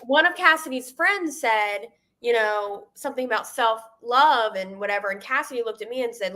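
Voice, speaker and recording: Chatty young woman co-host, bright voice. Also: a little high, normal speed. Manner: laughs often, chatty and self-deprecating. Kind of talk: casual live-stream chat. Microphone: video call.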